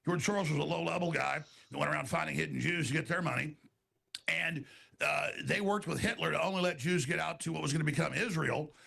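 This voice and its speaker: Casting: man with a high, very gravelly voice, bright edge, rapid-fire debater who piles on tangents. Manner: rapid, talks over others, jumps between tangents. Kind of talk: heated online debate.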